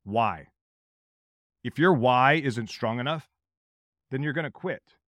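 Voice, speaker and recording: A man's voice: mid-range voice, measured pace, fairly bright tone, no echo, clean studio sound. A middle-aged man hosting a solo podcast, talking in an earnest, direct way and repeating questions for emphasis. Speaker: podcast host.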